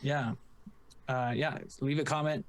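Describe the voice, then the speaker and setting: A man's voice: mid-range voice, steady tone, measured pace. A man co-hosting a casual podcast, rambling and joking with lots of fillers and restarts. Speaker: podcast co-host.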